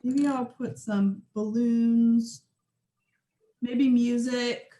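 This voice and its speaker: Woman host, soft and encouraging, video-call sound with room echo. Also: on the high side, fairly even intonation, drawn-out words, a little hiss or hum. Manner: gentle, encouraging. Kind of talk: warm group video chat.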